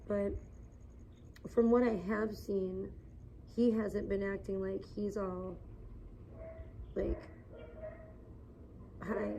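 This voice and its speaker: A woman's voice: mid-range voice, vocal fry, warm tone, slight background noise, rough recording. A woman livestreaming outdoors in the sun, rambling and gossiping in a casual, filler-heavy way.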